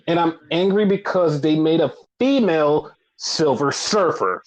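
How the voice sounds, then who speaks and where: A man with a notably high voice delivers a casual podcast rant. His talk is profane and heated, full of repeated curses and exasperated questions. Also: expressive, unhurried, dull audio. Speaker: wrestling podcast host.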